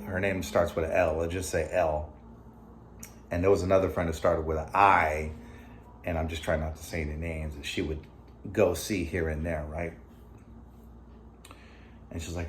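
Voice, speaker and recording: A man's voice: low voice, moderate pace, pauses often, slight background noise. A middle-aged man hosting his own vlog, telling a personal story in a loose, conversational way with many fillers and asides. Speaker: vlog host. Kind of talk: casual storytelling to camera.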